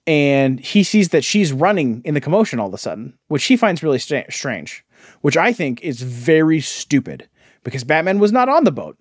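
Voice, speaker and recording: A man's voice: on the high side, big pitch swings, moderate pace, breathy edge, no room sound, studio quality. A man co-hosting a casual comic podcast chat, who laughs often and talks in a mocking, incredulous way. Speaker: podcast co-host.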